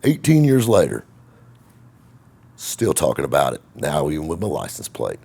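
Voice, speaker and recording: A man's voice: extremely low pitch, wildly swooping pitch, normal speed, vocal fry, dark tone, breathy edge. A middle-aged man telling a rambling, folksy, self-mocking story to camera as the host of his own show.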